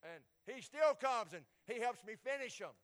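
A man preaching a sermon, stammering and repeating words as he builds toward loud, shouted peaks. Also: extremely high pitch, expressive, moderate pace. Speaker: pastor.

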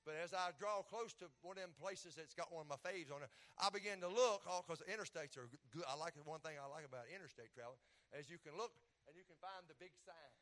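A middle-aged man, preaching a folksy, joking sermon in a church and swinging from loud to soft. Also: a little high, fast.

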